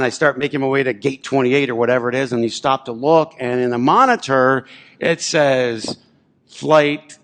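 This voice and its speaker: A man's voice: medium pitch, gravelly, fairly bright tone. A man preaching a sermon as pastor, telling a personal story in a conversational way and often asking the congregation whether they're with him. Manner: conversational, repeatedly checks in with the congregation. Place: church sanctuary.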